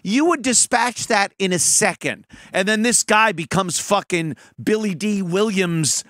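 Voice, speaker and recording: A man hosting a call-in radio show, his voice high and bright. He talks in a profane, animated, mocking way, and the sound is close and dry. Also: a little slow, dry recording. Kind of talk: casual call-in talk.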